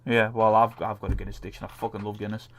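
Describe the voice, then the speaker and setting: A man's voice: fairly low pitch, flat delivery, very fast, gravelly, fairly bright tone. A man co-hosting a casual gaming chat, swearing freely and laughing often. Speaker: podcast co-host.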